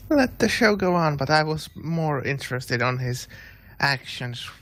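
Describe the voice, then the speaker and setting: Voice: mid-range voice, animated, unhurried, a bit bright, no echo. A player in a tabletop game, talking in a casual, laid-back way. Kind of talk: tabletop role-play chat.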